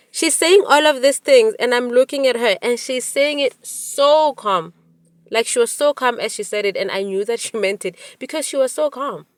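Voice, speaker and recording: A woman in her forties hosting a podcast, telling a personal story in an animated way, with many restarts. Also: a little high, normal speed, no echo. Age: 40s. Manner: animated retelling with quoted dialogue, frequent restarts. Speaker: podcast host. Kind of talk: storytelling monologue.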